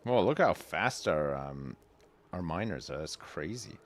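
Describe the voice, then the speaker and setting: This is a man with a low, animated voice who talks a little slowly. Hosting a livestream, he comments offhandedly on his play, rambles in a self-deprecating way, and voices the game's text.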